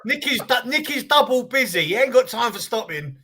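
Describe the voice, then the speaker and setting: A man's voice: extremely high pitch, sing-song, fairly quick, pushed and bright, a little hiss or hum. A man co-hosting a football podcast, teasing the others with jokey interjections in casual chat. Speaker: podcast co-host.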